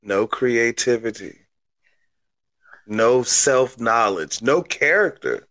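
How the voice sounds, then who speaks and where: A man co-hosting a podcast in loose, joking conversation. His voice sits at an ordinary middle pitch, and the recording sounds dry and close. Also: lively intonation, slow pace, fairly bright tone, no echo. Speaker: podcast co-host. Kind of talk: casual chat.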